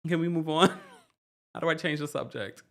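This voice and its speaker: A man hosting a reality TV recap livestream, chatting casually, reading viewer comments and laughing often. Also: normal speed. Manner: animated, laughs often, jumps into high squeals. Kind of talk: casual livestream chat reading super chats.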